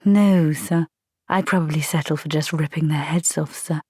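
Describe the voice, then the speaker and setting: A woman voicing a calm, polite male vampire recruit who speaks patiently and matter-of-factly in a storybook reading. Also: deep voice, normal speed, husky, no echo, clean studio sound.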